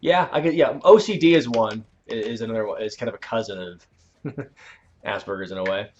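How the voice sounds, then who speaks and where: A man hosting a casual livestream, chatting while he plays a video game. He rambles and corrects himself, and breaks into sudden loud outbursts at the game. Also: fairly low pitch, fairly quick, muffled recording, a little hiss or hum. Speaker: channel host.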